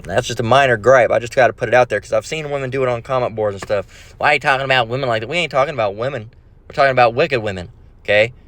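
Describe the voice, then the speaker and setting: A man's voice: mid-range voice, fast. A man preaching in a casual rant, blunt and profane, full of fillers and restarts. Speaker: bible preacher.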